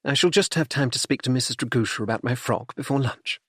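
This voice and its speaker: A man's voice: mid-range voice, fast talker, fairly bright tone, slightly rough, dry recording, studio quality. A man voicing a composed, tactful middle-aged duchess in an audiobook, polite with a tart edge.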